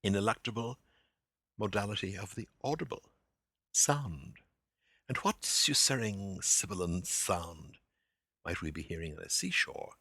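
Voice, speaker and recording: Lively, gravelly-voiced man hosting a literature podcast. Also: on the low side, a little slow, pauses often, no room sound. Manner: animated, theatrical, playful asides to the listener. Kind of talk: literary lecture podcast with readings.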